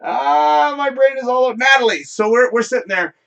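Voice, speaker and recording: Male host, high bright voice, loose rambling anecdote with cursing. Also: brisk, gravelly. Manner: rambling, animated, swears freely. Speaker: show host. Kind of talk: casual storytelling on a live show.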